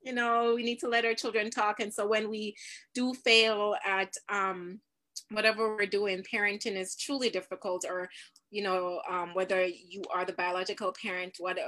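Bright-voiced animated woman host. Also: mid-range voice, normal speed. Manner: animated, laughs often, warm parental tone. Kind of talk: live stream discussion.

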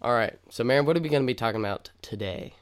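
A man's voice: mid-range voice, rapid-fire, a crowd in the background. A young man co-hosting a casual podcast, chatty and upbeat, rambling with lots of fillers. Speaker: podcast co-host.

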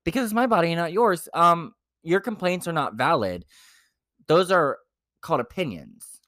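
A young man co-hosting a podcast, telling his dating stories in a blunt, profane, animated way. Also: a little high, moderate pace, dry recording, studio quality. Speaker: podcast co-host. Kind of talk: casual chat.

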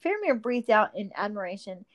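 A woman's voice: medium pitch, sing-song, brisk, lo-fi sound. A woman narrating a storybook, reading steadily with the odd slip and restart.

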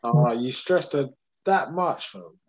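A man's voice: mid-range voice, lively intonation, takes it slowly, highs cut off, a loud crowd. A man joking and heckling a friend in casual banter.

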